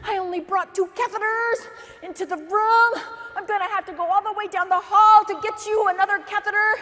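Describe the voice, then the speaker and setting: A woman playing an impatient, tall, thin male nursing instructor who hisses and yells at a student. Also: extremely high pitch, steady tone, brisk, pitched above the performer's own voice. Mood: yelling. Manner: hissing whisper turning to furious yelling. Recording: echoey hall with faint noise.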